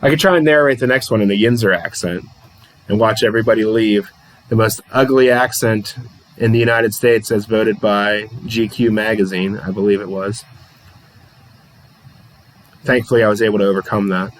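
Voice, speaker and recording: A man's voice: on the low side, fairly even intonation, normal speed, low-quality recording. A man from the Pittsburgh area hosting a livestream, calling a tabletop wrestling card game play by play, reading chat and laughing often at himself. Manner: chatty, laughs often, self-deprecating.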